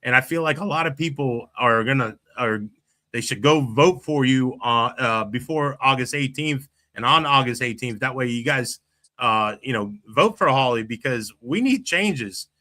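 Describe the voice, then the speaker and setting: Guy hosting a podcast, rambles a lot, bright voice, middle aged. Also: medium pitch, expressive, normal speed. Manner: rambling, many restarts and fillers. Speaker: podcast host. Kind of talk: casual chat.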